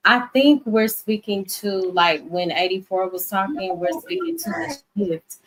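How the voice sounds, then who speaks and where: A woman's voice: medium pitch, expressive, unhurried, crowd noise, rough recording. A woman in a casual discussion, agreeing and then asking probing follow-up questions. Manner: probing, affirming.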